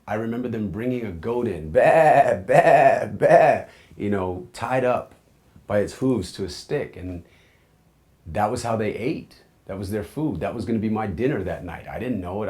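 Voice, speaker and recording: With a very low, deep voice, a man in his forties from the United States shares his own life story in an earnest, candid, reflective way. His intonation is lively and his pace moderate, and he frequently sinks into soft, low asides.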